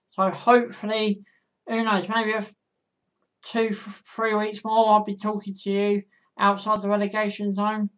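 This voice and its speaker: A woman's voice: medium pitch, fairly bright tone. A woman vlogger giving casual football predictions in a chatty monologue, talking straight to her viewers.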